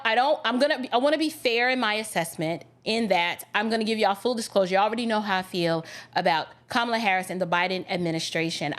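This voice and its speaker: A woman's voice: mid-range voice, fairly bright tone. A woman hosting a podcast livestream, talking casually and greeting viewers by name as she chats. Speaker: podcast host.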